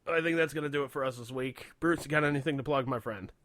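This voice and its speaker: Brief: male host, casual and crude, laughs a lot, dry close mic, mid pitch. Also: quick pace, fairly bright tone, dry recording. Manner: laughs often, swears, retells stories in quoted voices. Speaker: radio show host. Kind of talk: casual podcast chat.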